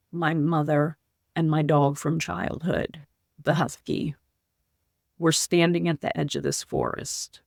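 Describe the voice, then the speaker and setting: A woman guest on a podcast, telling her personal story in an earnest, heartfelt way, in slow, halting phrases. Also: low voice, creaky, a little mellow, dry recording, studio quality. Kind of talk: personal story told in an interview.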